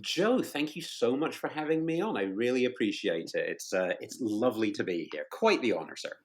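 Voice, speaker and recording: A British man chatting as a podcast guest, in a warm, self-deprecating way with frequent hesitations. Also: medium pitch, lively intonation, brisk. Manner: chatty, self-deprecating, lots of fillers and restarts. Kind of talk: casual interview chat.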